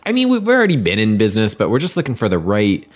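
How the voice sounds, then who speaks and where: A man's voice: on the low side, huge pitch swings, fast. A man playing his character in a tabletop game, breezy and salesy, laughing often. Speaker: player.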